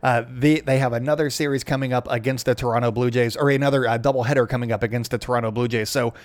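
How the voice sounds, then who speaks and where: A man's voice: medium pitch, steady tone, fast, no echo, studio quality. A young man hosting a sports podcast, chatting casually and sarcastically with lots of fillers. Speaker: podcast host.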